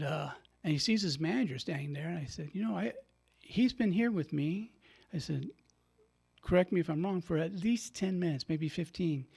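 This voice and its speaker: Older male radio host, fairly high voice, chatty storyteller who laughs a lot and acts out his own quotes. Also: vocal fry, darkish tone, husky. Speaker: radio show host and priest. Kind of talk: casual storytelling monologue. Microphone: studio microphone.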